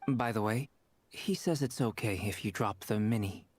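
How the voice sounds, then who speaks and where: A man's voice: fairly low pitch, normal speed, breathy edge. A composed, thoughtful young scholar from a video game. He speaks with cool precision, as if observing everything around him. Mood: calm. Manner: calm, analytical. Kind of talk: game voice acting.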